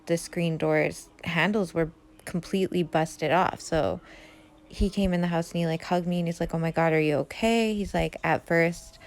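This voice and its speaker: Brief: Canadian woman, low voice with fry, hushed and chatty storytelling. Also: little pitch movement, normal speed. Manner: chatty, fills with "like", quiet and hushed. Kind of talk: casual first-person true story.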